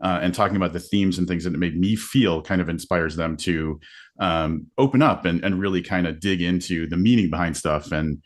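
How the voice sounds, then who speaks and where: A man's voice: sits low, a little fast. A man who hosts a book podcast, explaining his interview approach on a video-call panel in an earnest, conversational way with many fillers. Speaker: podcast host, panel guest. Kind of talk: casual panel chat. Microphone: video call mic.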